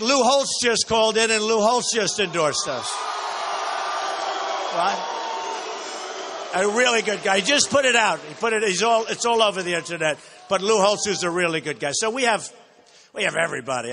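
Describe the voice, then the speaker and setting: A man speaking at a political rally in a big indoor hall, his voice pitched high for a man and pushed hard with a bright, forceful edge. He riffs off the cuff, repeats himself and brags, then bursts into shouts to drive a point home. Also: animated, a little fast, a little hiss or hum. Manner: boastful, repetitive, off-the-cuff. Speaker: political candidate. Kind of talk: campaign rally speech.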